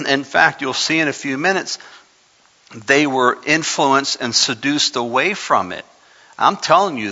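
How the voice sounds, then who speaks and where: A man's voice: on the high side, pushed and bright. A man preaching a sermon as pastor of his church, climbing in intensity and shifting pace for emphasis. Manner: preaching with rising intensity, speeding up and slowing down for emphasis. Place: church sanctuary. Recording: muffled recording with long hall reverb.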